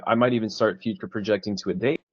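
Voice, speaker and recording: Low-voiced man coaching casually. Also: fairly even intonation, rapid-fire, no room sound, dull audio. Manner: casual, swears, acts out both sides of bar conversations. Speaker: dating coach. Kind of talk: casual coaching chat with role-played examples.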